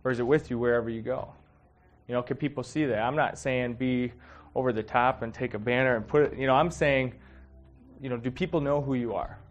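A man's voice: mid-range voice, fairly quick. A man giving a casual, heartfelt sermon, talking conversationally with many fillers and getting emotional. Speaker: preacher.

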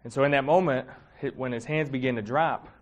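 A man's voice: medium pitch, brisk, muffled recording. A man giving a casual, heartfelt sermon, talking conversationally with many fillers and getting emotional. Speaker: preacher.

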